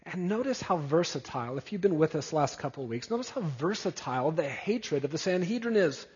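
A husky, fairly high-voiced male pastor preaching an expository sermon and stacking up emphatic repeated phrases. His voice carries a long reverb through a church hall, and the recording sounds dull. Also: very animated, fairly quick, darkish tone. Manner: emphatic, building repetition.

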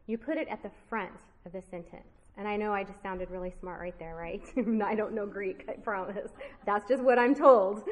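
A woman leads a Bible study in an earnest, emphatic way, leaning on repeated key phrases. Her voice sits at an ordinary middle pitch. She checks in with the group casually and pokes gentle fun at herself along the way. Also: in a large hall, poor audio. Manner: casual asides to the group with self-deprecating humor.

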